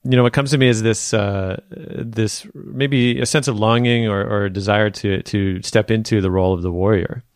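A man's voice: fairly low pitch, fairly even intonation, normal speed, few pauses, no echo, studio quality. A man hosting a podcast, asking long reflective questions and searching for his words. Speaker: podcast host. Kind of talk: interview questions.

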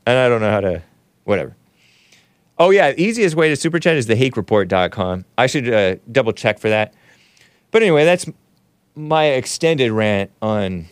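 On a livestream, a male talk show host riffs casually while reading chat comments, laughing often and leaping up in pitch whenever he feigns surprise. The sound is clean and studio quality, with no room noise.

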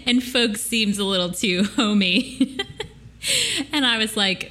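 A woman from upstate New York co-hosting a podcast, playful and quick to laugh as she rambles through stories. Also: medium pitch, fairly bright tone. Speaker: podcast co-host. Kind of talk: casual chat.

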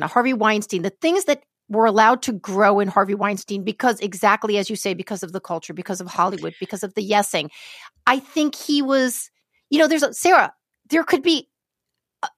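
A woman's voice: mid-range voice, vocal fry, a bit bright, dry recording, clean studio sound. A woman co-hosting a podcast in casual chat, talking bluntly, swearing freely and restarting her sentences. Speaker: podcast co-host.

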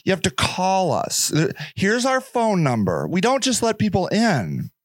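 A smug shelter worker talks down in a low, syrupy drawl, as a man acts her out. She is slow, soothing on the surface and coldly dismissive underneath, recorded dry and close. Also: huge pitch swings, no room sound, exaggerated voice. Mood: condescending. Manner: patronizing, slow, soothing yet cold.

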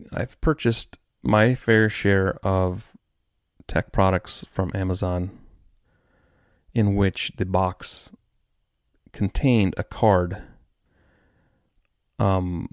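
A man's voice: low-pitched, gravelly, a little mellow, no echo, studio quality. A man hosting his own podcast, ranting in a frustrated, rambling way with many restarts. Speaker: podcast host. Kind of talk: solo podcast rant.

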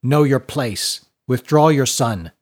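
A man's voice: mid-range voice, takes it slowly. A man doing a haughty, scornful portly lord. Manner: haughty, curt, commanding.

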